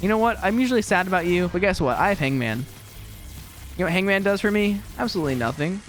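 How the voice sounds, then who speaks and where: Lively young man chatting over gameplay. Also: high-pitched, fast talker, faint music behind. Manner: rambling, self-mocking, laughs often. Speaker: gaming video creator and teacher. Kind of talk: casual gameplay commentary.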